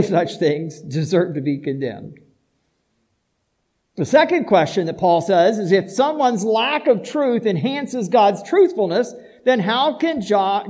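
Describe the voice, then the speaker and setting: A pastor delivering a sermon, preaching emphatically with rhetorical questions and shifting between soft asides and loud declarations. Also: male voice, high voice, poor audio.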